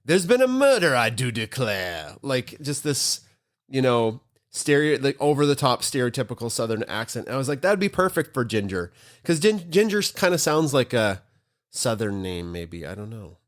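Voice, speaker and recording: A man's voice: mid-range voice, expressive, normal speed. A man co-hosting a casual live pet chat show, joking and laughing often. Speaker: podcast co-host.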